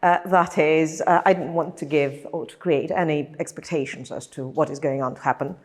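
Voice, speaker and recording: A woman's voice: low voice, fairly even intonation, moderate pace. A Polish-accented woman, a lecturer leading a workshop, speaking hesitantly with many fillers and restarts in a large hall. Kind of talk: workshop instruction. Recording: long hall reverb.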